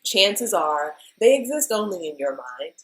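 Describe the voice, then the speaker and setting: A woman in her thirties talks through a tarot reading in a loose, chatty way. She gets openly emotional and keeps calling to her viewers as "y'all." Her voice sits a little low. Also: very animated, measured pace, low-quality recording. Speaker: tarot reader. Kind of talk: casual weekly tarot reading.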